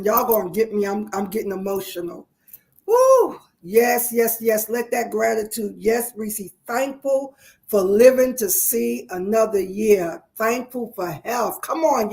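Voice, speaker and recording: A woman leading a live-streamed spiritual morning session, speaking in an encouraging, rousing way. She calls out to her viewers and urges them to join in. Her voice sits at an ordinary middle pitch and is recorded on a phone. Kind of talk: live-streamed devotional teaching.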